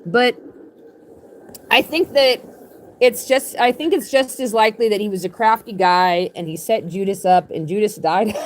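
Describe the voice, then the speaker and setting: A woman's voice: mid-range voice, normal speed. A woman live streaming from her bed in a tent, rambling in an irreverent, joking way. She swears freely and jumps from one tangent to the next. A faint background noise sits under her voice.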